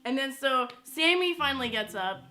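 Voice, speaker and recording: A young woman tells a personal story to the camera in a casual, rambling way, full of "like" and "you know". Her voice sits fairly high and sounds bright, with faint music underneath. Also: animated, moderate pace. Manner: chatty, lots of "like" and "you know". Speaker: YouTuber.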